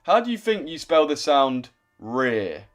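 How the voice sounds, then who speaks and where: A man's voice: on the high side, animated, normal speed, faint music behind. Young man bantering with his chat. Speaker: trading streamer. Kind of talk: casual live-stream chat reading comments.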